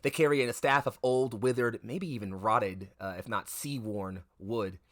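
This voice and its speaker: A man's voice: mid-range voice, moderate pace, a bit bright, no room sound, clean studio sound. A man narrating a tabletop game as game master, rambling with lots of fillers and restarts. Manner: rambling, filler-heavy, self-correcting.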